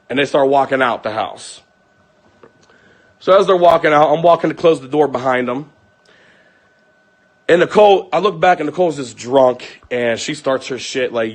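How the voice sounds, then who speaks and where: A man's voice: a little high, normal speed. A young man angrily telling his viewers about a fight at home, swearing and acting out what everyone said. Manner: heated, profane, acts out quoted lines. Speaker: vlogger. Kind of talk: angry personal account to viewers.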